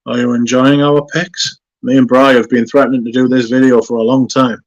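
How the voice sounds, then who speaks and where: A man talks to his livestream chat in a relaxed, easygoing way, reading out comments and adding his own remarks. His voice sits at a middle pitch. The sound is dry and a bit muffled. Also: a little fast, dry recording. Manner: relaxed, chatty, yawning now and then. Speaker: fragrance livestream host.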